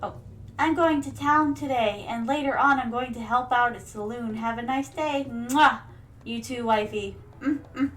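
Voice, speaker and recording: A woman's voice: fairly high pitch, normal speed, fairly bright tone, faint music behind. A woman streaming a game, chatting casually and telling stories to viewers she calls her darlings. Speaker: VTuber streamer.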